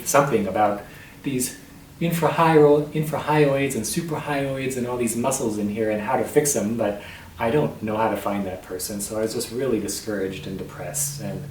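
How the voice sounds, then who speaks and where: A man speaks in a tight, strained voice that catches in his throat as he tells his story. He starts over often and clears his throat, and he sounds set back from the mic in an echoey room with a faint hiss behind him. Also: medium pitch, darkish tone, far from the mic. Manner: halting, with frequent restarts and throat clearing. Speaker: vlogger sharing his voice disorder. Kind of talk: personal vlog storytelling.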